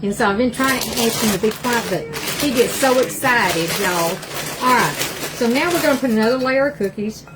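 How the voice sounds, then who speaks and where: Cooking live in her home kitchen, an older woman with an East Texas Southern accent chats folksily with viewers, using y'all often. Her voice is on the high side at a normal pace, and there's background noise.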